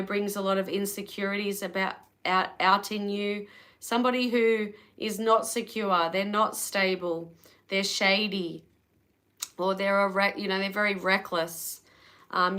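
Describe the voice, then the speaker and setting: Bright-voiced Australian woman reading tarot. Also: medium pitch. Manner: chatty, talks to live viewers between readings. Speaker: tarot reader. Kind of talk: live-stream tarot reading.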